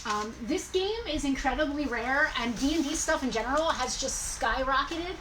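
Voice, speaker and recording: Brisk, teasing female co-host, a bit high, distant from the mic, noisy room. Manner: teasing, brisk, self-mocking. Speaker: co-host of a toy store live sale. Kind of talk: casual live-stream chat. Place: inside a toy and collectibles store. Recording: off-mic with clear background noise.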